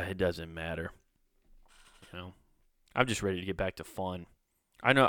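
Low, smooth-voiced man ranting casually. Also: a bit bright, no room sound, clean studio sound. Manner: rambling, profane, sarcastic. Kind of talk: casual comedic rant.

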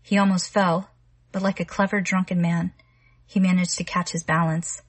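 A woman narrating a literary short story in a measured, quiet reading style. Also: on the low side, little pitch movement, dry recording.

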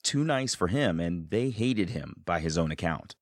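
Deep-voiced male radio narrator. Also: animated, moderate pace, dry recording, clean studio sound. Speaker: host and narrator.

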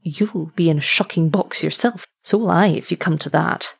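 A man's voice: a little high, moderate pace, vocal fry, slightly rough. A woman reading a cool, sneering young doctor. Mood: coolly persuasive. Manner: coolly dismissive, sneering.

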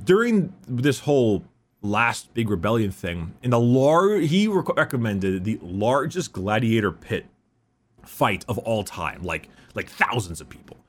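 A man's voice: fairly low pitch, big pitch swings, a little slow. A man casually telling a long story, rambling with fillers and restarts.

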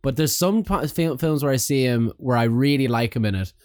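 A man hosting a casual chat, chatty and quick with his asides. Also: medium pitch, a little mellow, dry recording, studio quality. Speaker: podcast host.

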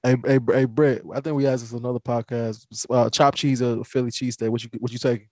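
A man's voice: medium pitch, fast talker, no room sound, studio quality. A man from the American South hosting a podcast, telling stories animatedly with lots of restarts. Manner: animated storytelling, stumbling restarts, laughing. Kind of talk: casual chat.

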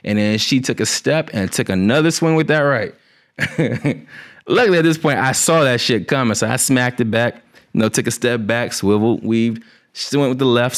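A man casually telling a funny personal story, profane and animated with laughing asides. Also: medium pitch.

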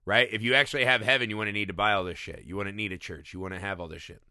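A man co-hosting a podcast, chatting casually about a film, animated and profane, laughing often. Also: on the low side, racing, smooth, no echo, clean studio sound. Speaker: podcast co-host.

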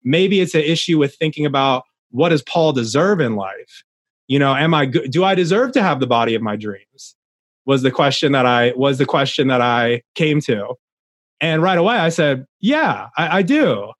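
A man's voice: medium pitch, animated, normal speed, no echo. A young adult man, a podcast guest, talking earnestly in a casual interview, rambling with many restarts.

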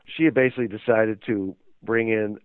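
A man's voice: on the low side, fairly even intonation, normal speed, smooth, dry recording. A man telling a story as an interview guest, rambling and hesitant with many fillers. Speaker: interview guest, magazine owner. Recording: tinny phone line.

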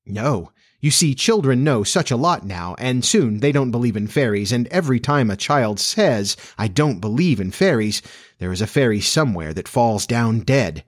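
A man's voice: mid-range voice, animated, normal speed, no room sound, studio quality, natural voice. A man voicing an earnest young boy who never wants to grow up, speaking in a raised, boyish voice. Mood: explaining.

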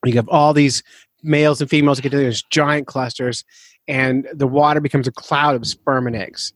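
A man's voice: medium pitch, fairly even intonation, a little fast, no room sound. A middle-aged man hosting a podcast, explaining facts in casual chat and breaking into jokes and laughter. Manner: jokey, explains facts then riffs, laughs often. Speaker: podcast host.

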